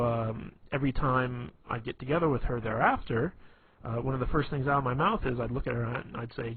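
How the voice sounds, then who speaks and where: A man's voice: mid-range voice, breathy edge. A man giving casual instructional advice in a rambling way, with many fillers and restarts. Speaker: dating advice talker. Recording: tinny phone-like audio with faint hiss.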